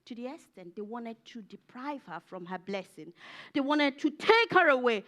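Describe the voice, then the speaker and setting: A woman preaches in a high voice that swoops widely. She repeats her points for emphasis, pushing to fervent peaks before dropping low again. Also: big pitch swings, normal speed, fairly bright tone. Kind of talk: sermon. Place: church.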